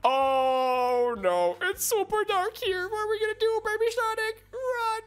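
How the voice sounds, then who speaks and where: A woman hosting excited gameplay commentary, squealing and swinging between panic and giggles. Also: very high voice, unhurried. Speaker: gaming channel host.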